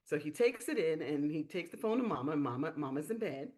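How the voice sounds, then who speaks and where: A woman hosting a live-stream business training, telling stories in a lively way and acting out the quotes. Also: sits low, fast. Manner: lively storyteller, acts out quotes. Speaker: sales training host.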